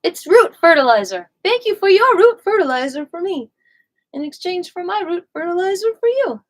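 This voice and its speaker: A woman leading a live qigong class, gushing and encouraging, swooping high on affectionate words. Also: big pitch swings, normal speed, poor audio. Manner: gushing, sing-song, warmly encouraging. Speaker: qigong and yoga instructor. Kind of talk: live online movement class.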